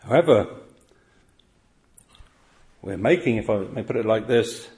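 A man's voice: lowish voice, lively intonation, unhurried, long pauses, a little mellow. A man preaching a sermon, earnest and emphatic, often pressing his point with rhetorical questions.

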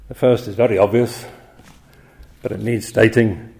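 Earnest preacher, measured and emphatic. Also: male voice, lowish voice, steady tone, vocal fry, a little mellow. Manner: earnest, emphatic, rhetorical questions, slows for scripture quotes. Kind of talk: evening sermon.

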